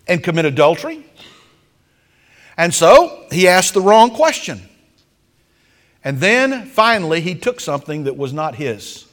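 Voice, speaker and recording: A man preaches in a fairly high voice that swoops and climbs with lively animation, telling stories with dramatic flair. His sermon rings through the long reverb of a large hall. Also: normal speed. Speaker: pastor.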